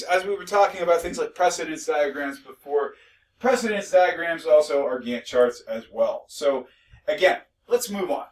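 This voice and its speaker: A man's voice: a little high, distant mic, rough recording. A male instructor giving a recorded lecture, conversational and mildly sarcastic, with frequent restarts.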